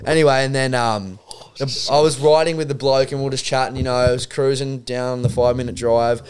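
A man's voice: mid-range voice, steady tone, fast, clear, resonant tone. Sweary Australian guy telling a story. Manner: rambling, swearing storyteller who acts out other people's voices. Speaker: podcast guest storyteller. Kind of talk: casual chat.

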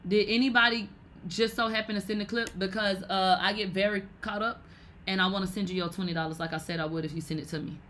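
A woman's voice: mid-range voice, fairly even intonation, fast, a bit bright, a little hiss or hum. Brash profane woman hosting a stream. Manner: brash, profane, slangy, laughing asides. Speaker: podcast host. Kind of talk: casual livestream commentary.

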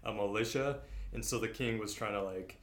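A man's voice: on the low side, a little fast, reverberant. A man co-hosting a casual comedic podcast, talking in a laid-back, agreeable way. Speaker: podcast co-host.

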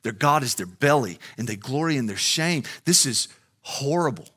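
A man's voice: mid-range voice, expressive, normal speed, a bit bright, breathy edge. Fiery preacher man. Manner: builds from conversational to fiery, soaring emphasis. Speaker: pastor. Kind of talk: sermon.

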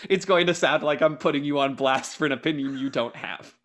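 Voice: medium pitch, moderate pace, slight background noise. Heated, argumentative podcast co-host. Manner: heated, exaggerated arguing. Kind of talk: casual chat.

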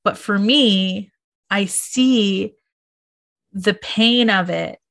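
A woman guest speaks slowly and thoughtfully, with a gravelly edge to her voice. She weighs each point in a reflective, unhurried conversation. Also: mid-range voice, a bit bright. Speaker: podcast guest. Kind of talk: casual podcast conversation.

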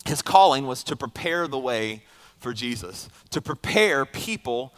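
A man's voice: medium pitch, animated, measured pace, fairly bright tone. A male pastor, preaching a sermon in a conversational storytelling way, asking the congregation questions.

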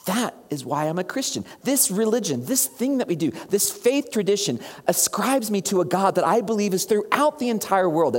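A preacher delivering an animated sermon, asking the congregation questions directly. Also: medium pitch, breathy edge. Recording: long hall reverb.

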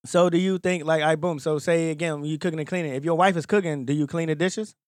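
A man's voice: fairly high pitch, steady tone, quick pace, no room sound, clean studio sound. A man co-hosting a podcast in casual chat, blunt and emphatic with plenty of profanity. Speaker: podcast co-host.

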